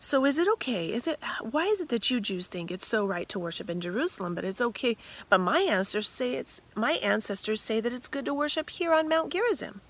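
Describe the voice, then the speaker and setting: A woman voicing an eager, excitable woman from a storytelling retelling, breathless and insistent. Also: a little high, fairly quick, few pauses, voice pushed up.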